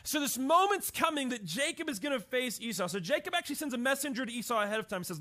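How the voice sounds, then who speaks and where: A man's voice: extremely high pitch, big pitch swings, fast talker, few pauses, sharp tone. A man preaching a sermon, telling stories and often checking in with "right?". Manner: storytelling, often asks "right?". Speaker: pastor.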